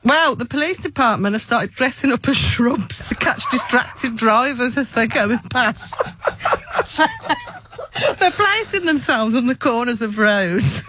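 A woman's voice: a little high, slow pace, background noise. Giggly woman co-host. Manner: giggly, lively. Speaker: radio co-host reading news. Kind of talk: casual radio chat.

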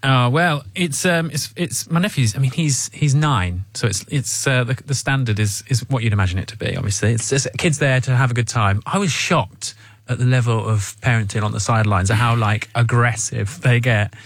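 A man, co-hosting a radio show in casual banter, stammering and laughing through animated stories. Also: medium pitch, fairly quick, dry recording. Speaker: radio co-host. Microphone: studio microphone.

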